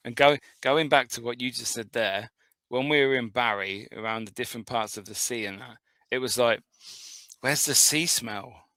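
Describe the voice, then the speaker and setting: A man co-hosting a podcast, tossing in quick jokes and swearing casually. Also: mid-range voice, steady tone, fairly bright tone, no echo. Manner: quick joking interjections, swears. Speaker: podcast co-host. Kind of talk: casual chat.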